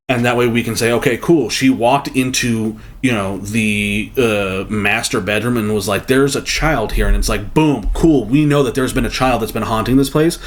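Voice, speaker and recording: A man giving casual, thoughtful commentary on a video, reasoning out loud with many fillers. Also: mid-range voice. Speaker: reaction video host.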